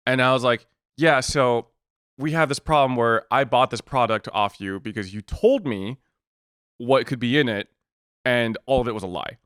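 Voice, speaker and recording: A man co-hosting a podcast retells a frustrating story in casual chat, switching between voices for each side of the exchange. He swears freely and sounds exasperated. His voice sits at an ordinary pitch and the recording is close and dry, with no room echo. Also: moderate pace, clean tone. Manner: animated retelling, acts out both sides of the exchange. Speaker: podcast co-host.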